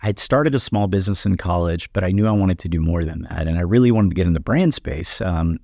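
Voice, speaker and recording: A man in his thirties, the guest of an interview podcast, answering in a measured, articulate way. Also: sits low, creaky, darkish tone, no echo, studio quality. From United States, Honduran parents. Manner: measured, articulate, frequent "um" openers. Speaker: guest, company CEO.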